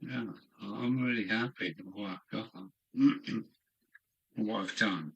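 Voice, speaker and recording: A man's voice: on the low side, slow pace, gravelly, husky, dull audio. An older man from England, musing aloud to himself in a rambling live-stream chat from his home hobby room. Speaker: model railway streamer.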